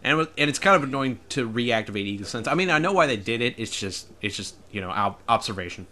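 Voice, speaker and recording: A let's play gamer at home talks into a desk microphone while playing a video game, his mid-range voice lively, quick, pushed, and bright. He's chatty and casual, laughs often, and jokes around with put-on accents.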